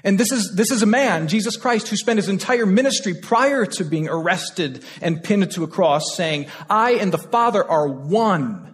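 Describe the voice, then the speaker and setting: A male pastor preaching a sermon with passion, repeating phrases and moving between loud, urgent lines and hushed ones. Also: high-pitched, moderate pace, few pauses. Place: church sanctuary. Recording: long hall reverb.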